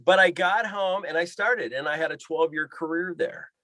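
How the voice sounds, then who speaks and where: A man's voice: fairly high pitch, normal speed, pushed and bright. A man telling a story as a podcast guest, acting out the voices in the dialogue he quotes. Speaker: guest, pilot and fishing guide. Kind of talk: animated storytelling.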